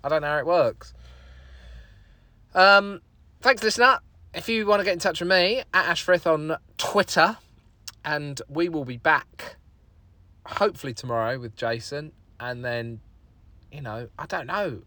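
A man's voice: on the high side, normal speed, pushed and bright, no room sound. Rambling man hosting solo. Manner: rambling, self-deprecating, sweary. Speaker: podcast host. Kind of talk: casual solo podcast chat.

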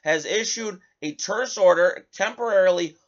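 A man's voice: sits high, moderate pace, highs cut off. A man hosting a political talk show, giving heated commentary and reading news headlines aloud. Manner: animated, indignant, reads headlines aloud.

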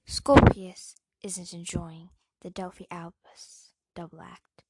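Husky-voiced woman reading a play aloud. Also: fairly low pitch, level tone, slow, few pauses, no echo. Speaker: reader.

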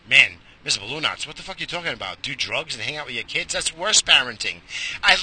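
Profane ranting man, bright voice. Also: medium pitch, lively intonation, brisk, slightly rough, rough recording. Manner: profane, ranting, loud swings. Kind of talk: casual driving vlog rant. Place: car in traffic.

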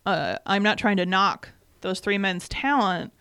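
A woman's voice: medium pitch, unhurried, fairly bright tone, clean tone, dry recording. A woman from Michigan co-hosting a casual chat, explaining things at length. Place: North Carolina.

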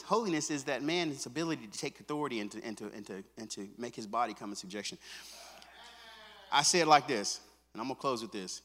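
A male pastor preaching a sermon. He moves between quiet, intimate asides and loud, fervent stretches, and he repeats his phrases with a casual "man" and "come on.". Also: mid-range voice, lively intonation, fast, in a large hall. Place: church sanctuary.

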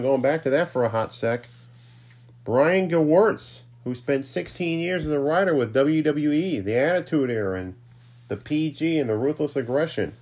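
A man hosting his own podcast, reading listener shout-outs in a rambling, self-deprecating way with offhand asides. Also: on the high side. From New York's Capital Region. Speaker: podcast host.

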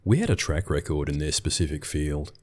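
A man's voice: a bass voice, big pitch swings, a little fast. A middle-aged man, telling a scripted business story in a dry, wry way. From Australia.

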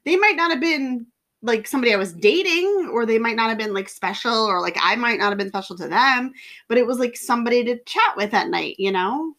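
A woman's voice: a little high, expressive, a little fast, fairly bright tone. A woman hosting a podcast in casual chat, animatedly acting out a text exchange. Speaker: podcast host. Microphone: studio mic.

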